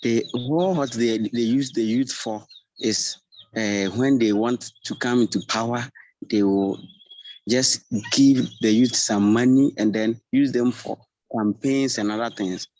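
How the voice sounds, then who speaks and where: A man's voice: medium pitch, unhurried, darkish tone, no room sound, rough recording. A young man from Ghana, a church youth leader earnestly sharing his thoughts in class and sometimes searching for words.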